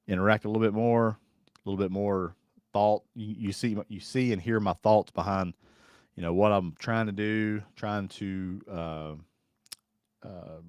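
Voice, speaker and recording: A man's voice: lowish voice, no echo, studio quality. A man hosting a casual live stream, rambling in a folksy way and reading viewer comments aloud. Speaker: host.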